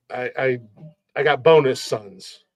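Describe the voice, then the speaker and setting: A man's voice: mid-range voice, steady tone, slow pace, darkish tone, no room sound. A man hosting a podcast in casual chat, who often stammers, repeats words and laughs while he talks. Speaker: podcast host.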